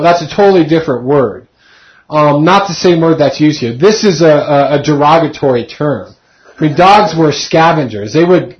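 A man's voice: a little high, highs cut off. A man in his thirties casually teaching a Bible study, talking conversationally and asking his group questions.

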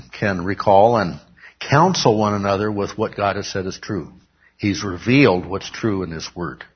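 Husky low-voiced man preaching. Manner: emphatic, asks the room questions and answers them. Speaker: pastor teaching a Bible class. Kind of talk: sermon-style Bible teaching. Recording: dull lo-fi recording.

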